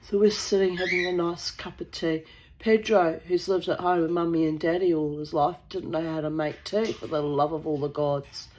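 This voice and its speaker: A woman's voice: fairly low pitch, steady tone, normal speed, darkish tone, rough recording. A woman from New Zealand telling a casual, rambling anecdote, blunt and sweary, with the odd cough.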